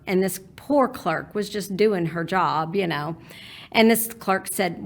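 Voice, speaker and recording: A woman from Texas with a Texan accent, telling a personal story in a folksy, animated way. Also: medium pitch, a little slow.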